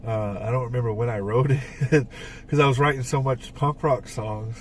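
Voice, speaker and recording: Male podcast co-host, mid-pitched and conversational, a rambling storyteller full of fillers who sits off-mic. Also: moderate pace, recorded from a distance, a little hiss or hum. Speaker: podcast co-host and band songwriter. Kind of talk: casual chat.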